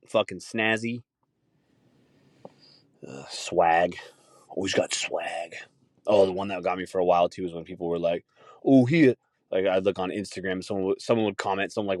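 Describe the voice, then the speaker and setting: Profane, ranting man, low voice. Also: dry recording, clean studio sound. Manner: profane, ranting, laughs easily. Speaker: podcast host. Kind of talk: casual chat.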